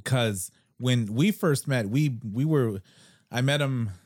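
A man hosting a podcast, chatting casually and telling halting, rambling stories. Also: medium pitch, darkish tone, no room sound, clean studio sound. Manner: rambling, halting storyteller with restarts. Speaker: podcast host. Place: Seattle.

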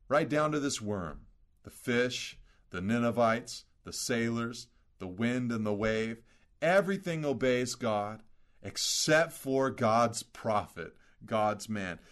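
Man, pastor, sermon, mid-pitched voice, earnest, emphatic teaching. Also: a bit bright.

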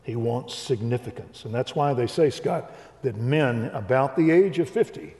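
An older man who tells his faith story in an animated preaching style, acting out the dialogue. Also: mid-range voice, normal speed. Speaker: Christian speaker. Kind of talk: preaching testimony. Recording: reverberant hall.

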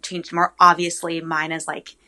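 A woman's voice: fairly low pitch, normal speed. A woman in her twenties, a podcast guest, telling a personal story in casual chat, with many ums and likes. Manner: chatty, animated, frequent ums and likes.

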